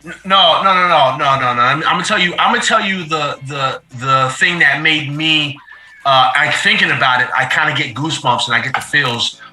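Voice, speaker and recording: A man's voice: a little high, fairly quick, faint music behind. A middle-aged man chatting casually on a show, telling stories with feeling and repeating his phrases. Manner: animated, repeats phrases, emotional storytelling. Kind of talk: casual chat. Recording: roomy echo.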